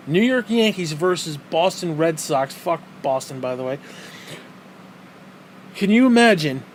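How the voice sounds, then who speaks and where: A man with a slightly high voice rants alone into the mic, swearing constantly and firing off incredulous rhetorical questions. He veers between loud disbelief and muttered asides. A faint hum sits under the recording. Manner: profane, exasperated ranting with mocking rhetorical questions. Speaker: podcast host. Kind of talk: solo ranting podcast monologue.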